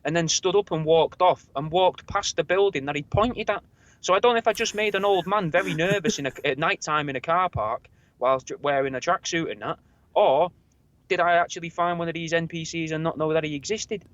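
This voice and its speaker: A man's voice: fairly high pitch, fairly quick, a bit bright, no room sound. A man, co-hosting a podcast and telling rambling anecdotes in casual chat, swearing freely. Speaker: podcast co-host. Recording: dull lo-fi dry recording.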